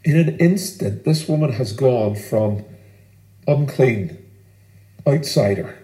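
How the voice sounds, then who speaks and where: A man preaching a sermon as pastor, earnest and emphatic, with deliberate pauses. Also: mid-range voice, expressive, warm tone, roomy sound, rough recording.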